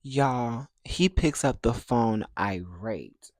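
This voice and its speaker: A young man tells a personal storytime for his vlog. He is lively and jumps into playful voices for the people in his story. He is recorded close to the mic in a dry room with no echo. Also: medium pitch, takes it slowly. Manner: animated, acts out other people's dialogue in playful voices. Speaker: vlogger.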